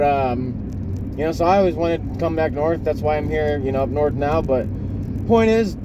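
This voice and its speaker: A man's voice: fairly high pitch, background noise. A man from Florida casually rambling on his own podcast, full of fillers, restarts, swearing and laughs. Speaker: podcast reaction host. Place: home in a snowy northern area.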